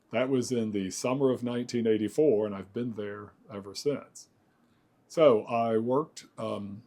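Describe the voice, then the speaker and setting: Reflective older man, low mellow voice. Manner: rambling, reflective, many fillers and self-corrections. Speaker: architect. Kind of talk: oral history interview.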